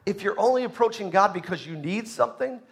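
A man preaching a sermon as pastor, emphatic, swinging between loud bursts and soft asides, asking the congregation questions. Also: sits high, expressive, quick pace, creaky.

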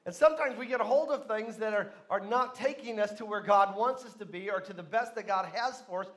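Male pastor, high voice, storytelling sermon style, punches key lines loudly. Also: brisk. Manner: storytelling preacher, acts out voices, rises to loud emphasis. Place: church sanctuary.

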